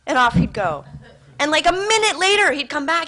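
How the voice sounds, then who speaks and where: Bright-voiced woman giving a motivational talk. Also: high-pitched, brisk. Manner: animated, conversational storytelling. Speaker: motivational speaker. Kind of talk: motivational talk to a live audience.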